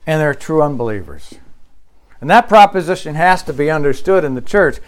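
A male pastor preaching a sermon, with emphatic insistence that drops to quiet, low asides.

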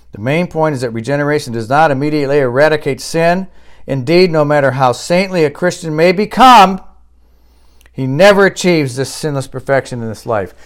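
A man preaches from the pulpit in a middle-pitched voice. He drives home points with emphatic, rising questions and sharp quoted lines. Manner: closes in a quiet, low prayer. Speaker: pastor. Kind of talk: sermon.

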